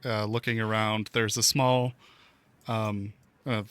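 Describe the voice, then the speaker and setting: A man running a tabletop game as game master, describing the scene slowly with many pauses and fillers. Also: fairly low pitch, level tone, fairly bright tone, smooth, dry recording.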